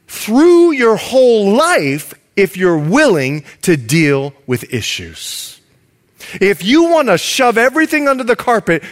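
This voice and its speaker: A male pastor preaching a sermon, telling stories in an animated and dramatic way. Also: high-pitched.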